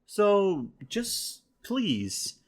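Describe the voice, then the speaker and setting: A man's voice: high voice, very slow. Laughing, chatty podcast host man. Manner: laughs often, swears, lively and rambling. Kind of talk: casual chat.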